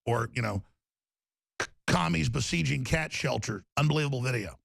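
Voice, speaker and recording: A man hosting a political talk show, ranting in a fast, angry way. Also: medium pitch, animated, gravelly, a bit bright, slightly rough, no room sound.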